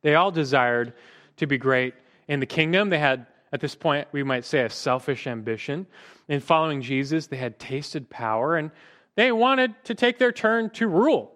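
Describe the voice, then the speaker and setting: A man's voice: on the high side, lively intonation, normal speed, fairly bright tone. Earnest man teaching a Bible class. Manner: earnest, asks the class questions, repeats words.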